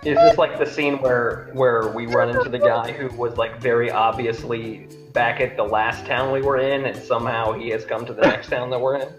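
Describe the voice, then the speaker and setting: A man's voice: medium pitch, fairly even intonation, normal speed, hardly any pauses, echoey room, loud music behind the voice, poor audio. A man playing a tabletop game who chats casually and hesitantly. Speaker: player. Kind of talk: casual chat.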